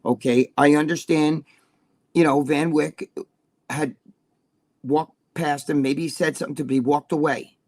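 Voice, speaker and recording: A man's voice: on the high side, steady tone, unhurried, pauses often, darkish tone. A man talking as a podcast guest, telling blunt, profane stories and checking in with his listener as he goes. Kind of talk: casual chat on a live-streamed podcast.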